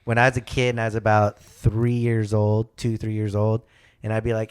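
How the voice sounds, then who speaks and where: A man guest in a casual podcast chat, telling animated anecdotes and acting out the voices of people he quotes. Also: on the low side, fairly quick, clear, resonant tone. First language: speaks German from a German mother.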